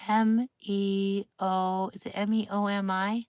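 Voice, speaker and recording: A woman's voice: medium pitch, level tone, a little slow, hardly any pauses, darkish tone, smooth, no room sound. A middle-aged woman hosting a late-night live stream from home, chatting and rambling casually with viewers and greeting them by name. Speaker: livestream host.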